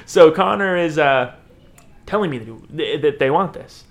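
A man's voice: a little high, measured pace. A man telling a funny story in casual podcast chat, laughing often and acting out the voices of people in it. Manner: animated, laughing, acts out voices in quotes. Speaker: podcast host.

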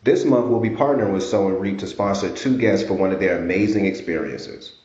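A man reading a scripted sponsor message in a smooth, even delivery. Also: sits low, fairly quick. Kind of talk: sponsor read. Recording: dull, roomy, lightly noisy.

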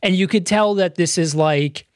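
A man with a voice on the higher side recaps a film for a podcast. He talks in a loose, rambling way, filling gaps with "like" and "you know". His mic is close and dry, with no room sound. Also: moderate pace, no room sound. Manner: rambling, filler-heavy retelling with lots of "like" and "you know". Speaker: podcast co-host. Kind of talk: casual movie review chat.

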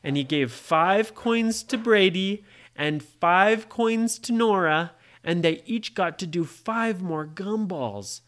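A parent telling a made-up story to a child, pausing to ask the child questions. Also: mid-range voice, expressive, a bit bright. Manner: slow, asks the listening child questions. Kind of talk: bedtime story told to a child.

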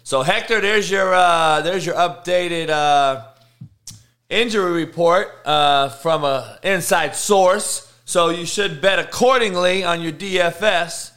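A man hosts a sports betting show, reading injury news aloud in a casual, offhand way and swearing often. His voice sits high and a bit bright, and he speaks slowly.

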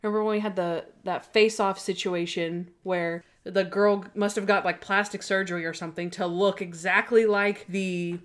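A woman co-hosting a podcast, talking casually about a TV episode she watched. She tells it in an animated way, sprinkling in "like" and slipping into bits of the scenes as she goes. Her voice sits at an ordinary middle pitch for a woman. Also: normal speed, hardly any pauses. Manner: animated retelling with many "like"s, acting out scenes. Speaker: podcast co-host. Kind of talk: casual chat recapping a TV episode.

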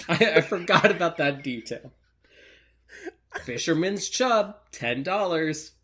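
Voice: medium pitch, animated, slow pace, pushed and bright, a little hiss or hum. A co-host on a comedy podcast, telling rambling stories and laughing along. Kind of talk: casual comedic chat.

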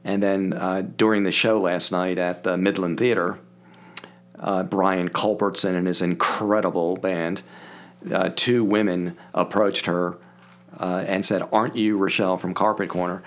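Older man from Philadelphia, podcast guest, slightly low voice, animated storyteller. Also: measured pace. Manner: animated, acts out quoted voices. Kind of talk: casual storytelling.

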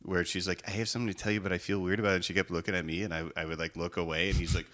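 A low-voiced man with a bright, forceful edge, chatting casually and telling a prank story. He laughs through his anecdotes and slips into other people's voices as he recounts them. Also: very fast, hardly any pauses. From Chicago area.

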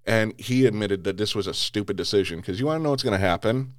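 A man's voice: lowish voice, fast talker, no room sound, clean studio sound. Cursing man on an angry rant. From United States. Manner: heavy swearing, repeated restarts.

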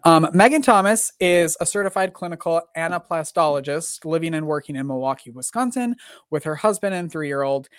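A man's voice: fairly high pitch, fairly bright tone, dry recording, clean studio sound. A man hosting a casual live podcast chat, rambling with lots of fillers and joking at himself. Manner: rambling and self-deprecating, with many fillers. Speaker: podcast host.

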